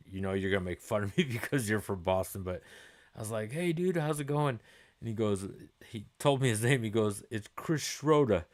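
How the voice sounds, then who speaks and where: A middle-aged man hosting a livestream, chatting loosely with viewers, swearing freely and laughing easily. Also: fairly low pitch. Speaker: livestream host. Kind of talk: casual chat answering viewer comments.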